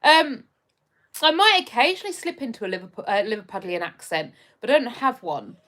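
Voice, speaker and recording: A woman's voice: on the high side, sing-song, a little fast, fairly bright tone. Chatty woman streaming live. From just outside London, England. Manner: chatty and rambling, with frequent ums and restarts. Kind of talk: casual live-stream chat reading viewer comments.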